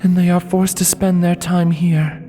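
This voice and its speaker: A man's voice: sits high, flat delivery, unhurried, big-room sound, soft background music, pitched above the performer's own voice. A man voicing a determined young unicorn mare thinking to herself in an audiobook fanfiction reading. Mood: troubled. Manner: hushed inner thoughts.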